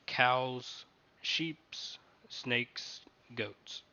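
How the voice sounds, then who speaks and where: A man running a tabletop game playtest as game master, narrating haltingly and often restarting his sentences. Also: medium pitch, sharp tone, clean tone, dull audio.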